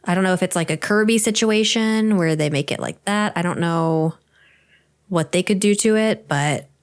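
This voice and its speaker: Lower-voiced woman podcast co-host. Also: moderate pace, clear, resonant tone. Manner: easygoing, brief interjections. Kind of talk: casual chat.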